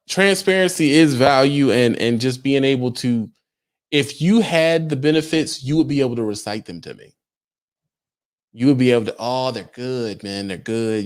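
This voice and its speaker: A man's voice: fairly low pitch, smooth. Emphatic young man chatting to viewers. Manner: emphatic, rhetorical questions to his audience. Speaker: truck driver and livestream host. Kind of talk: casual livestream chat with viewers.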